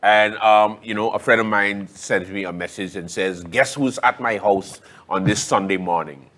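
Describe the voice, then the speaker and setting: A man's voice: fairly low pitch, normal speed, fairly bright tone. A man hosting a political talk show, conversational and sarcastic, leaning hard on his key points. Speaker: host. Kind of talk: casual political commentary.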